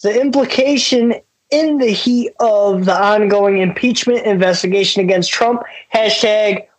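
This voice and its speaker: A man's voice: high-pitched, a little slow, rough recording. A man co-hosting a casual podcast, reading a news story aloud and breaking into laughter. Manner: laughs through his reading, keeps breaking up. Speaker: podcast co-host.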